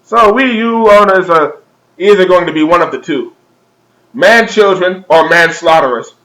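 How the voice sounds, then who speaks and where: A young man with a slightly high voice delivers a comedic vlog rant. He is profane and over the top, and breaks into laughter at his own jokes as he goes. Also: moderate pace, fairly bright tone, rough recording. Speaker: vlogger.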